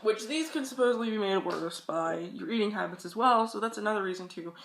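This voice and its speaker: A woman's voice: medium pitch, brisk, a bit bright, a little hiss or hum. A young woman vlogging casual advice, rambling and chatty and swearing freely. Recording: echoey room.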